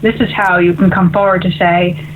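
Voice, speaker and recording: A woman's voice: lowish voice, flat delivery, normal speed, slight background noise. A woman hosting a call-in spiritual radio show as an intuitive medium, talking in an upbeat, chatty way and often asking "right?". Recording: tinny phone-like radio audio.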